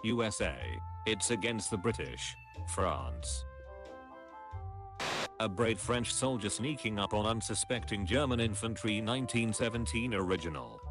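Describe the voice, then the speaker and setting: A man reading meme captions aloud in a dry, deadpan, clipped way. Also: on the low side, a little slow, over music.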